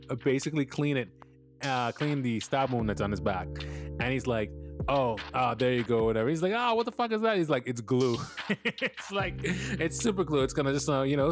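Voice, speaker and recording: Rambling podcast host over background music. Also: male voice, mid-range voice. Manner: rambling, laughs often, swears freely, many fillers. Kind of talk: casual episode recap.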